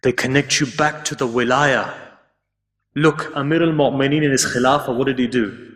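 A man preaching an emotional sermon, slowing and dropping almost to a hush at the sad moments. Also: mid-range voice, fairly even intonation. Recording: roomy hall with long reverb, from far off.

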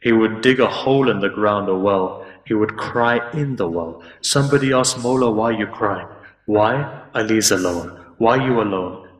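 A man preaching an emotional sermon, slowing and dropping almost to a hush at the sad moments. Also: fairly low pitch. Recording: roomy hall with long reverb, from far off.

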